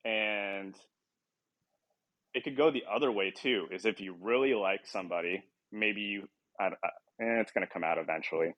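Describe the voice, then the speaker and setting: A man's voice: on the low side, normal speed, lo-fi sound. A man hosting a casual podcast chat, rambling with lots of ums, restarts and laughs. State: short on sleep. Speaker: podcast host.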